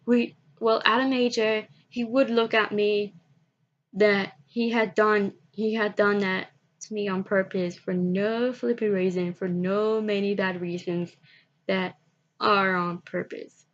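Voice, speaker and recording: Woman rambling through a story on her vlog, slow and halting, keeps restarting, kinda muffled lo-fi audio. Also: mid-range voice, level tone. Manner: halting, repetitive, restarts often. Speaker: vlogger.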